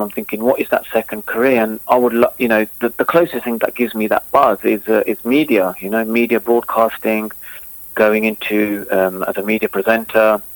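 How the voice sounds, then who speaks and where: A man's voice: fairly low pitch, dry recording, poor audio. A man, a cricketer being interviewed, talks eagerly and rambles with many fillers and restarts. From England. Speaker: cricketer and guest.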